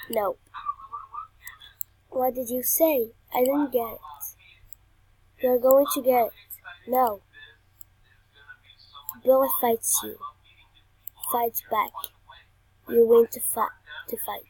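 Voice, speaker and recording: A young woman's high, slightly husky voice talks slowly through a video game, reading out game text and chatting playfully. The recording is dry and close, with almost no room sound. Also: steady tone, warm tone, dry recording, poor audio. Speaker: gamer. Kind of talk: game commentary.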